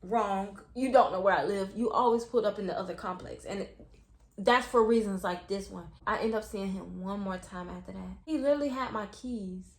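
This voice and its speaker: A young woman telling an animated, profane storytime, acting out quotes. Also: mid-range voice, moderate pace, reverberant. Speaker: vlogger. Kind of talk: storytime vlog.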